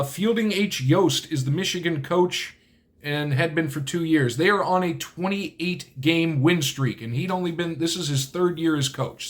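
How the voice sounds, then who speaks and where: A man's voice: fairly high pitch, a bit bright. A man hosting his own video channel, talking casually in a rambling way, often correcting himself and adding dry asides. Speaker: channel host. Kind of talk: casual solo video talk.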